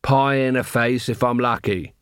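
A man's voice: fairly even intonation, moderate pace, clear, resonant tone, dry recording, clean studio sound, natural voice. Man doing a hissing, nervous clown. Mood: hushed. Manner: mumbling, hissing in a low voice. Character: nervous secretive male circus clown.

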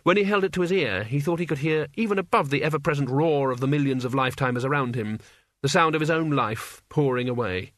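A man reading an audiobook as its narrator, in an even, measured storytelling manner. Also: on the high side, no room sound, clean studio sound.

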